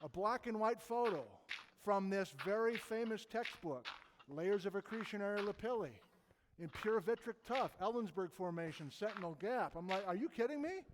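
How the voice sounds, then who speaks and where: A man's voice: sits high, normal speed, long reverb tail, background noise. A man in his fifties giving an informal geology talk, telling stories enthusiastically with chatty, self-deprecating asides. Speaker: geologist lecturer.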